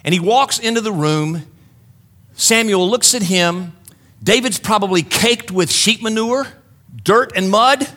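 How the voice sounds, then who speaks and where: A man's voice: high-pitched, unhurried, bright, forceful tone. A man preaching a sermon, retelling a story with joking asides to the congregation.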